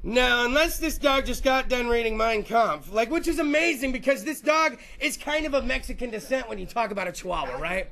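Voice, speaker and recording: A man's voice: very high-pitched, expressive, fairly quick, gravelly, hardly any pauses, bright, forceful tone. A man hosting a podcast, rambling through a crude, profane, jokey comedic rant. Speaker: podcast host.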